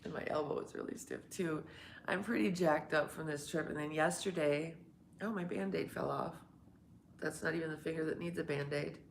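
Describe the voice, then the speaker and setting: A woman chatting to her live stream viewers just after waking up, in a fairly low, congested voice that sounds like a cold. She rambles from one thing to the next, laughs often and swears casually. There is a faint hum of room ambience behind her. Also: normal speed, creaky. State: just woken up.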